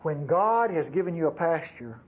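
Male pastor, high and animated, preaching in a chatty, folksy way; slightly dull recording. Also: moderate pace, breathy edge. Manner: folksy, conversational preaching with asides to the congregation. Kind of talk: sermon.

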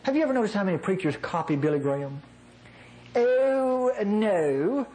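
A man's voice: a little high, sing-song, rapid-fire, a little mellow, rough recording. A man from North Mississippi with a nasal voice, preaching a conversational sermon in a folksy way, often chuckling at his own asides.

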